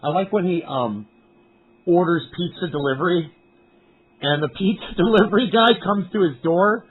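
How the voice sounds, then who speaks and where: A man rambles through a casual live stream from outdoors on a mountain, cursing freely and calling out to his viewers. His voice sits high for a man. The audio is thin and tinny, as if sent over a phone line. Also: normal speed, a little hiss or hum. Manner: rambling, profane, talks to chat viewers. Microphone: cell phone.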